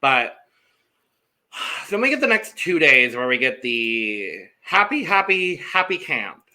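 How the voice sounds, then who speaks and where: A man's voice: medium pitch, sing-song, slow, pushed and bright. A man co-hosting a podcast, chatting casually and throwing in dry, sarcastic remarks. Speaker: podcast co-host. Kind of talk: casual chat.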